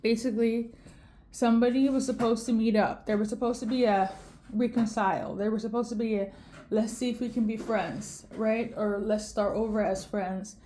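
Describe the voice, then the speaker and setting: Woman, tarot reader, tearful and emotional, fairly high mellow voice, faint background hiss. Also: fairly even intonation, normal speed. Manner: emotional, repeats "okay?" often. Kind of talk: intuitive tarot reading to camera.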